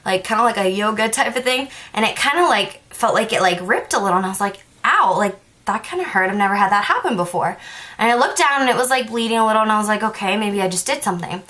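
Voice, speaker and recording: A woman's voice: medium pitch, lively intonation, quick pace, bright, forceful tone. Chatty young woman vlogger. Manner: chatty, says "like" a lot, acts out both sides of conversations. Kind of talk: casual storytime monologue.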